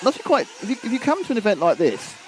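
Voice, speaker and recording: A man's voice: high-pitched, sing-song, racing, noisy background. A man doing live commentary on a model car race, chatty and reading out viewer comments.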